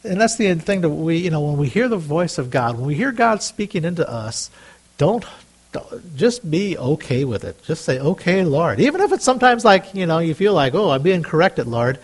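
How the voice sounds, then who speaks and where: A man preaching a conversational sermon, reading scripture aloud, with frequent restarts and louder, higher bursts when voicing prayers. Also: big pitch swings, normal speed. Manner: rises loud and high on prayers. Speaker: pastor.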